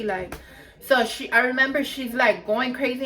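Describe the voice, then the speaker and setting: A woman's voice: sits high, moderate pace, pushed and bright. Chatty young woman telling a party story. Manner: chatty, heavy filler words, swearing. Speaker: vlogger. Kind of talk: casual storytime.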